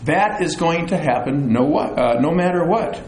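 A middle-aged man preaching a sermon as pastor, animated, with chatty asides and self-deprecating humor. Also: fairly high pitch, moderate pace, slight background noise. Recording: echoey room with faint ambience.

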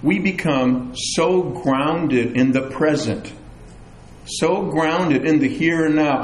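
A middle-aged man preaching a sermon as pastor, animated, with chatty asides and self-deprecating humor. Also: a little high, takes it slowly. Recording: echoey room with faint ambience.

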